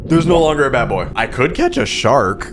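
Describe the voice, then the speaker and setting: A man's voice: medium pitch, expressive, moderate pace, music in the background. Guy streaming a game, jokey and on edge, calls everyone bestie. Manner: jokey, nervous, chatty, calls characters bestie. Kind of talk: casual gameplay commentary.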